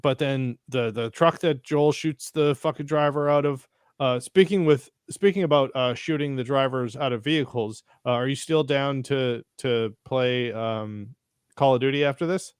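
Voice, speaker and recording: A man co-hosting a casual podcast, recapping a TV episode in an excitable, profane way and acting out the characters' reactions. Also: mid-range voice, normal speed, clean tone, no room sound, studio quality. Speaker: podcast co-host. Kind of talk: casual chat reviewing a TV episode.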